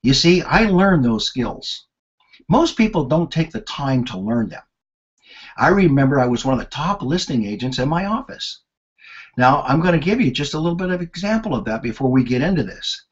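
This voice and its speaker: An older man in his sixties leads a sales and marketing lesson with a husky, slightly rough voice. His delivery is lively and anecdotal, rising and falling as he tells stories. The sound is dull and lo-fi, like webinar audio. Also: on the high side, normal speed. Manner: animated, anecdotal storyteller. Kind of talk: storytelling lesson.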